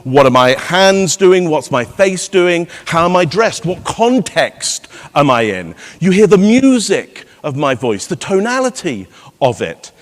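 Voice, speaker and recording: A man's voice: on the high side, sing-song, measured pace. A man giving a live conference keynote, playful and teasing the audience with rhetorical questions. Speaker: keynote speaker. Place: large conference hall. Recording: long hall reverb.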